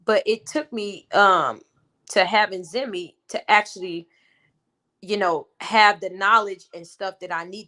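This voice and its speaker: A woman's voice: on the low side, a bit bright. A woman in her twenties telling a personal story on her vlog in an emphatic, venting way, talking straight to her viewers. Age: 20s. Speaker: vlogger and mother.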